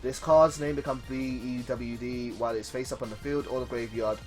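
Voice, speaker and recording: A man live-streaming a card game, chatting casually and reading card text aloud with excited reactions. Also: mid-range voice, a little fast, faint music behind.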